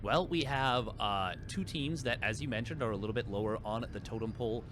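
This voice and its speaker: A man's voice: fairly low pitch, brisk, noisy background. A man casting a live esports match, rambling and correcting himself with lots of fillers. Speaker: esports caster. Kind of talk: live game commentary.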